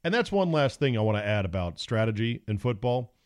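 A middle-aged man hosting a solo sports talk podcast, giving opinionated, sarcastic takes with animated jokes and asides. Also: mid-range voice, a little fast, smooth.

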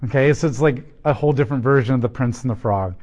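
A man teaching through a Bible passage, animated, with joking asides and rhetorical questions. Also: mid-range voice, fast talker. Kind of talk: sermon.

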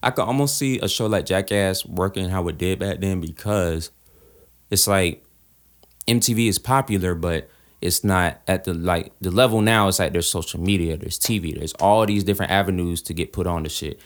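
Laid-back man with a very low voice. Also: normal speed. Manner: laid-back, slangy, rambling. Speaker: podcast co-host. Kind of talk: casual chat.

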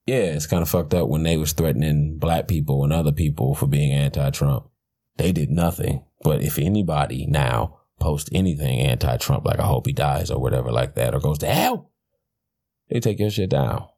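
A man's voice: extremely low pitch, moderate pace, mellow, breathy edge. A man hosting a podcast, talking in a blunt, profane, rambling way with frequent restarts. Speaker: podcast host. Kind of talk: casual rambling commentary.

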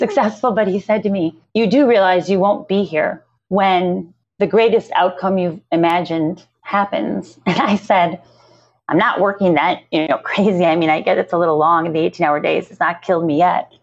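A middle-aged woman, founder of a literacy nonprofit, speaking earnestly and tearfully with halting restarts in a podcast interview. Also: on the low side, fairly even intonation. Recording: slightly dull lo-fi audio.

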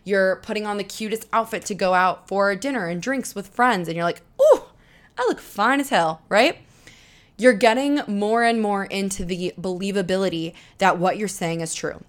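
A woman's voice: medium pitch, steady tone, moderate pace, hardly any pauses. A young woman in her twenties hosting a solo podcast, talking earnestly and encouragingly, straight to the listener about changing your mindset. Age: 20s. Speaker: podcast host. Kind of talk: solo motivational podcast talk.

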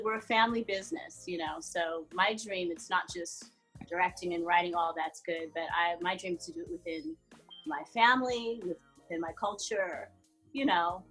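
A woman in her forties, an actress being interviewed, telling stories about her career in a relaxed, chatty way and laughing often. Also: medium pitch, breathy edge. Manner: laughs often, animated storytelling. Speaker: guest actress. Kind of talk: casual interview chat.

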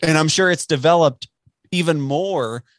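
A man's voice: fairly high pitch, normal speed, dry recording, clean studio sound. A man in his twenties hosting a casual podcast chat, laid back and saying "dude" often. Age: 20s. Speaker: podcast host. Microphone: podcast mic.

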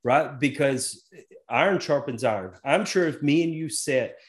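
A man's voice: medium pitch, normal speed. A middle-aged man in a casual podcast chat, easygoing and folksy, talking in loose asides.

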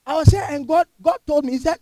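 A man's voice: very high voice, fast talker, dark tone, no echo. A man preaching a sermon in a church, emphatic and full of rhetorical questions to the congregation. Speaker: pastor.

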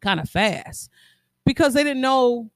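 Guy cohosting a sports podcast, high voice with lots of gravel, dry mic, rambles along. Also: animated, a little slow, a bit bright, dry recording. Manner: laid-back, rambling, stumbles over names. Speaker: podcast co-host. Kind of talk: casual sports podcast chat.

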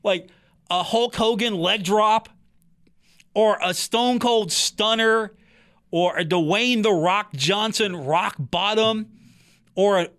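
A man's voice: sits high, takes it slowly, a bit bright. A man hosting a sports podcast from a talk booth, chatting casually and animatedly about a college football coach and teasing his co-host.

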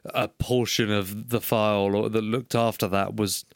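A man's voice: on the low side, little pitch movement, normal speed, no room sound. A man co-hosting a casual gaming podcast, teasing his partner in a dry way and swearing. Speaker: podcast co-host.

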